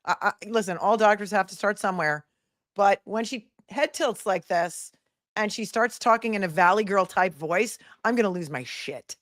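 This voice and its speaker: A woman's voice: mid-range voice, moderate pace, fairly bright tone, dry recording, clean studio sound. A woman hosting a live trial commentary stream, blunt and sarcastic, with some swearing.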